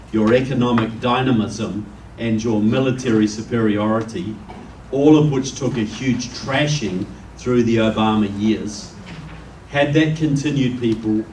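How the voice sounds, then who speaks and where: A man's voice: on the low side, a little mellow. A man from New Zealand with a New Zealand accent, giving a folksy, joking speech as guest speaker to a live audience in a meeting room. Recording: roomy, distant, faint background noise.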